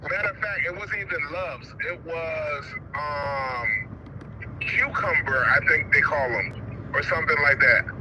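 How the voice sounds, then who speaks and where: A man's voice: on the high side, unhurried, very noisy. A man from Haiti calling into a live stream, telling a laughing, slangy story. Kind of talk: casual chat by phone on a live stream.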